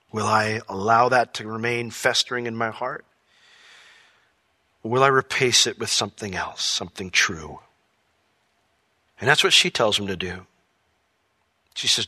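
A man teaching a Bible study in a conversational way. He acts out imagined dialogues with lively voice changes and reads scripture in a lower, softer tone. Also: a little slow, pauses often, no echo, clean studio sound, big-room sound.

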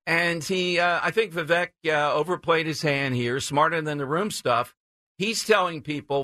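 A man's voice: a little high, moderate pace, sharp tone, dry recording, studio quality. A man hosting a talk radio show, giving brash, opinionated political commentary with chuckling asides.

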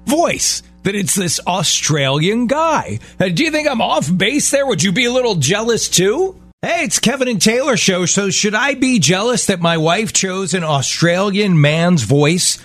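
A middle-aged man co-hosting a radio show, chatting in an animated, joking way. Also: sits high, a little slow, few pauses. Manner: animated, joking, mock-jealous. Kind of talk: casual radio banter.

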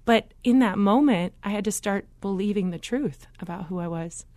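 Woman guest, earnest and animated storyteller, mid-range voice, dry close recording. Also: mid-range voice, moderate pace, no echo. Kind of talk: faith interview conversation.

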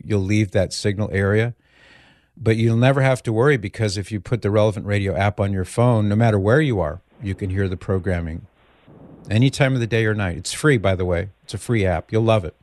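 A man hosting a call-in radio show, chatting gently with callers and leading a prayer. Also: on the low side, brisk, dry recording.

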